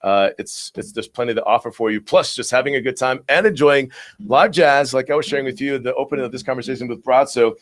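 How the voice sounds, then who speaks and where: A man's voice: medium pitch, fast. A man hosting a live local show, chatty and upbeat as he lists events. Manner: upbeat, chatty, laughs along. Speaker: show host.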